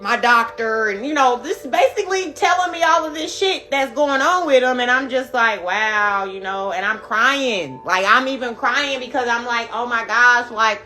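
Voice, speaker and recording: Young woman, live-stream host, bright and emphatic, swears a lot, talks straight to viewers. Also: high-pitched, moderate pace, hardly any pauses. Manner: emphatic, profane, addresses viewers directly. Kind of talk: casual storytelling to viewers.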